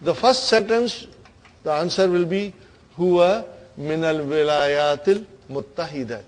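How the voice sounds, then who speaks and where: A man with a South Asian English accent teaching a lesson on Quranic grammar, his voice sitting a touch higher than usual. He recites verses briskly and then slows down to explain. He keeps checking in with his class as he goes. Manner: engaging, keeps asking "huh?" and "are you with me, brothers and sisters?". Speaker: Arabic teacher.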